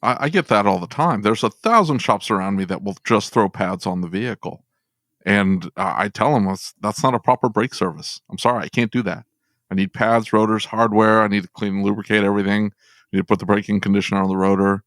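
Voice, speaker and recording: Low-voiced male podcast host, dry sound. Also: fairly quick, a bit bright, no echo. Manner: candid, laughs often, speeds up when annoyed. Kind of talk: casual podcast conversation.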